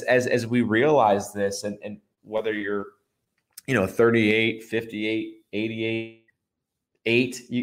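A man's voice: medium pitch, fairly bright tone. A man hosting a radio health show as a chiropractor, talking emphatically and casually with many restarts. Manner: emphatic, repetitive, restarts often.

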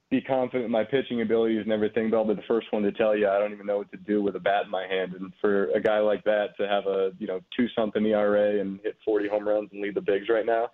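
A man in his twenties, a former pitcher, telling stories in a relaxed way with plenty of fillers. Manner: relaxed storytelling, frequent fillers. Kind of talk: casual phone interview. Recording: tinny phone line.

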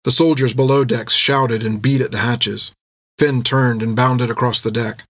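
A man's voice: mid-range voice, fairly even intonation, moderate pace, a bit bright, no room sound. Man narrating an audiobook, dry close sound. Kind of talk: scripted narration.

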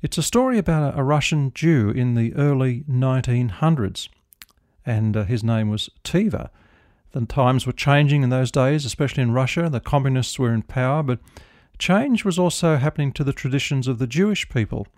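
A middle-aged man, a minister, giving a gentle radio devotional talk into a studio microphone. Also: medium pitch, normal speed, no room sound. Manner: gentle storytelling, prayerful close.

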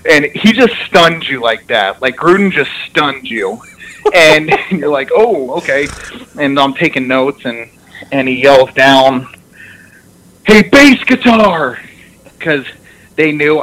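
A young man in casual chat, telling lively stories with laughter and frequent restarts, heard over a radio broadcast. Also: medium pitch, rough recording. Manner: animated storyteller, laughs a lot, restarts. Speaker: former football player guest.

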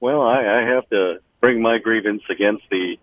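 A man calling in to a radio show with a loud, mock-serious joke complaint. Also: on the low side, normal speed, dry recording, pitched below the performer's own voice, close to an everyday voice. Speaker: caller. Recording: tinny phone line.

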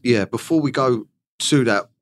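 A man hosting a podcast, asking questions in a blunt, relaxed way and swearing freely. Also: mid-range voice, moderate pace, a little hiss or hum. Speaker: podcast host. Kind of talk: casual interview chat.

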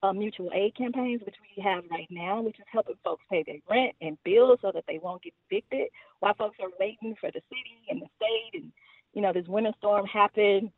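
A woman's voice: medium pitch, sing-song, brisk, no room sound. A woman from Houston, a community organizer talking earnestly as a podcast guest, with fillers and small laughs. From Houston, Texas. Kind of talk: casual podcast interview. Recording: tinny phone-like line.

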